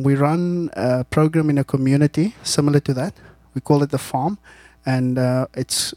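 A man's voice: medium pitch, darkish tone, dry recording. A South African man, a guest missionary, casually telling stories to a church audience, laughing often and repeating words as he talks.

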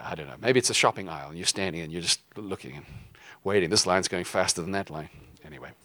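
A man giving a conversational teaching sermon in a lively way, breaking into quoted voices and jokey asides. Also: deep voice, no room sound. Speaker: preacher teaching a lesson.

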